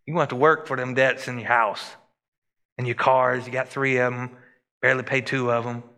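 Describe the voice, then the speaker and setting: A man preaching a sermon as pastor, animated and rising and dropping his voice for emphasis. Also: mid-range voice, moderate pace. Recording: long hall reverb.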